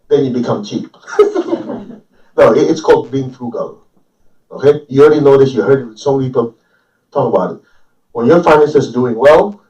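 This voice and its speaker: A man's voice: mid-range voice, dark tone. A man giving an informal, joking spiritual talk to a group, often checking in with the audience with questions. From Chinese family. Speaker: spiritual teacher. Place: room with a live audience. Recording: distant, roomy, dull live recording.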